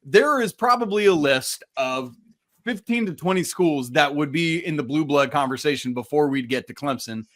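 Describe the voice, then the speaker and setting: Emphatic sports podcast co-host. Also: male voice, a little high, expressive, moderate pace. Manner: emphatic, argumentative. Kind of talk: casual sports debate.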